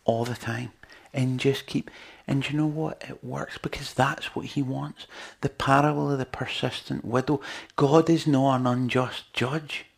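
In a gravelly, slightly husky voice of medium pitch, a man preaches a sermon in a chatty, earnest way. His tone is steady and his pace unhurried, with few pauses, and he keeps putting rhetorical questions to his listeners.

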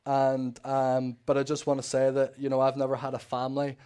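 A man's voice: medium pitch, monotone, fairly quick, warm tone, smooth. A man, an ex-prisoner giving an emotional, rambling faith testimony to a church congregation. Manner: rambling, emotional storytelling with restarts.

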